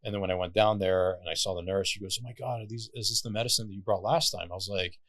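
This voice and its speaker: A man with a very deep voice talks as a podcast guest, telling stories with an animated, loose manner and casual swearing. His voice is recorded dry and close, with no room sound. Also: fast, no room sound. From Lebanon.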